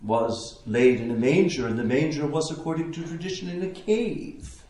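A man preaching a sermon as a priest, in a slow, contemplative way with long pauses. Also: fairly high pitch, mellow, slight background noise. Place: church. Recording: echoey church interior.

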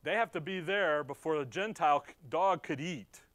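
A man's voice: fairly high pitch, moderate pace, dry recording. Man teaching scripture, dry close sound. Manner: conversational, asks and answers his own questions; swings between emphatic and quiet. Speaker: pastor. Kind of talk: expository Bible teaching.

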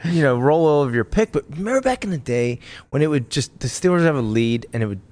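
A man on a casual sports podcast, excitedly reminiscing and chiming in. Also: on the high side, fast talker. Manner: excited, nostalgic storytelling. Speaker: podcast co-host. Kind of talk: casual chat.

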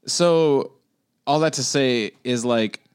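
A man co-hosting a podcast in casual conversation, animated and quick to laugh at himself. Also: mid-range voice, smooth. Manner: animated, laughs often, jokey. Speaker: podcast co-host.

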